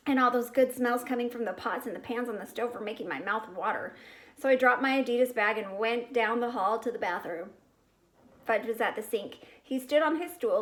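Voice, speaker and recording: A woman reading a children's chapter book aloud, raising her pitch and volume for the characters' lines. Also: fairly bright tone, low-quality recording. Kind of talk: storybook read-aloud.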